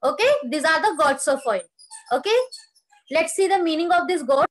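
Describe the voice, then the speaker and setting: A woman's voice: sits high, normal speed, rough recording. A woman teaching a lesson, retelling a story line by line, asking questions and explaining the meaning of words. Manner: explains words and asks questions, rereads quoted lines.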